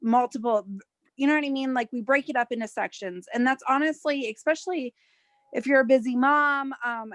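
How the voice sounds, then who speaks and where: A woman chimes in on a team video call with practical, matter-of-fact advice about work routines. Her voice is slightly high and recorded dry, with little room sound around it. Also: dry recording. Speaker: team member giving work tips.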